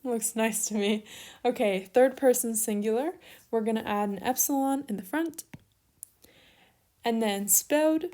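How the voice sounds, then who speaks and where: Slow-talking young woman teaching Greek. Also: on the high side. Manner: steady, step-by-step explaining while writing, with small apologies. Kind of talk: online lesson walkthrough.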